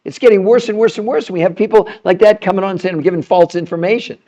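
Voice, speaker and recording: A man's voice: high-pitched, fairly even intonation, fast, dark tone, dull audio. A man hosting a live health stream, talking with indignation, laughing in disbelief and firing rhetorical questions at his viewers. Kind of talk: heated livestream monologue.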